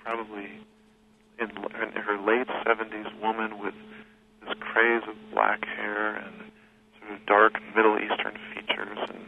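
Gravelly man on a tinny phone line. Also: fairly low pitch, completely flat delivery, background noise. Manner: thoughtful, unhurried, with frequent restarts. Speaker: guest recounting a journey. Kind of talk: reflective storytelling in an interview.

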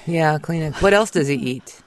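A man's voice: a little high, moderate pace. A man who trains dogs, chatting on a radio call-in show and asking the caller questions. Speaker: dog trainer guest.

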